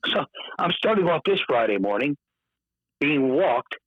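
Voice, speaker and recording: A man telling a story in casual podcast chat, lively and acting out the voices of the people he quotes. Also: a little high, measured pace, dry recording. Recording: dull, dry podcast audio.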